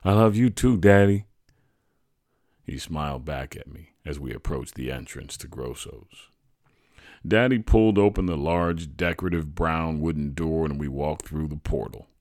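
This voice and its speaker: A man reading his own true childhood story aloud in a measured, reflective way. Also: extremely low pitch, darkish tone, no echo, clean studio sound. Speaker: storyteller, podcast host.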